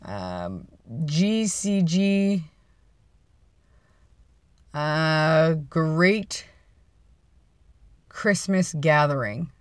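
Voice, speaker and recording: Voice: mid-range voice, expressive, very slow, long pauses, clean tone, no echo. A vlogger chatting casually and playfully from inside a parked car, rambling and laughing at their own jokes. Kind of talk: casual chat.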